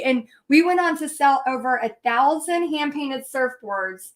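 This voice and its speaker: High-voiced chatty woman teaching painting. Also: animated, unhurried, hardly any pauses. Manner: chatty, frequent fillers and restarts. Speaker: paint party instructor. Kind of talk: live painting lesson with personal storytelling.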